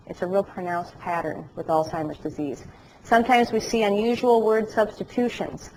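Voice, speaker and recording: A woman teaching a class as an educator, telling animated stories with jokes along the way. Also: medium pitch, a little hiss or hum, rough recording. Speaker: dementia care educator. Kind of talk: lecture to a class, also telecast. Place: classroom or lecture hall.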